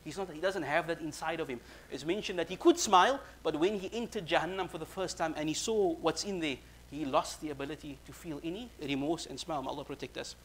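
Fast-talking male preacher, high voice. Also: slightly rough. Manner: recites verses quickly, then explains in casual English. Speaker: Islamic preacher. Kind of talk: sermon with verse recitation and translation.

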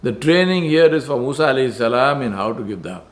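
A man delivering a sermon with earnest conviction. He drives his points home through repetition, often restarting a phrase before he finishes it. His voice sits at an ordinary pitch for a man. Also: lively intonation, fast. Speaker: preacher.

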